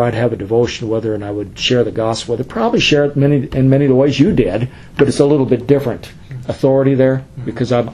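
A man's voice: medium pitch, darkish tone, slightly rough. A middle-aged man, a pastor, teaching a classroom Bible study in a conversational, explanatory way with fillers and asides.

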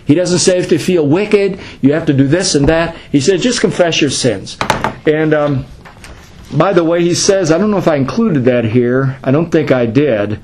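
A man's voice: on the high side, normal speed, a little mellow, slight background noise, poor audio. A middle-aged man, a pastor, teaching a class in a conversational way, asking questions and answering them himself.

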